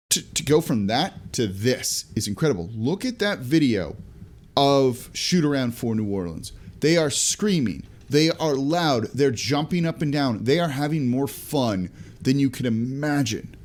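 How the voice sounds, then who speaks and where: A man hosting a solo sports podcast, speaking straight into a studio mic in a mid-pitched voice. He talks with energy in a loose, conversational way, tossing in quick asides. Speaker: podcast host.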